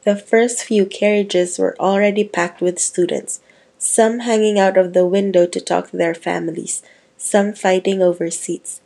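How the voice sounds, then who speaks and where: A woman reads a novel aloud in a steady storytelling manner, now and then stumbling and restarting a phrase. Her voice is dark and mellow, with a gravelly creak and a husky edge. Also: medium pitch, unhurried. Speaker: reader. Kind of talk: reading a book aloud.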